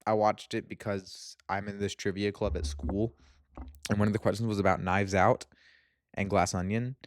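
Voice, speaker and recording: A young man casually reviewing and ranking movies in a vlog, excitable and gushing, quick to laugh. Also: on the low side, slight background noise.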